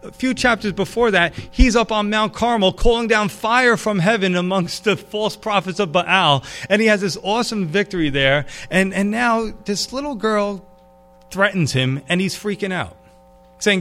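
A man preaching a sermon, animated and casual, dropping to a hushed tone for emphasis. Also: high voice, moderate pace, soft background music. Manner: animated, drops to a hush for emphasis. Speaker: pastor.

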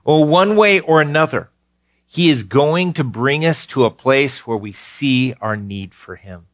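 A man preaching a sermon, earnest, repeating key phrases for emphasis and swinging from rising urgency to quiet low tones. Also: a little slow, dry recording, studio quality. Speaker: pastor.

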